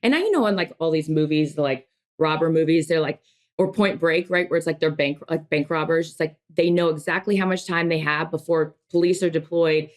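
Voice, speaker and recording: A woman's voice: low-pitched, fairly quick. A woman in her thirties co-hosting a podcast, talking in an emotional, rambling way with many restarts. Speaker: podcast co-host. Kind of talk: casual podcast chat.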